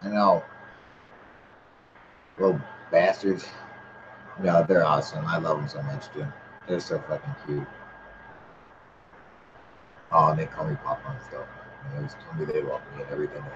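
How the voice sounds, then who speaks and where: A man hosting a casual livestream, a little high and drunk, swearing constantly and reading the chat aloud. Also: fairly even intonation, normal speed, pauses often, dull audio, noisy background. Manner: heavy swearing, laid-back, reads chat aloud. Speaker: livestream host.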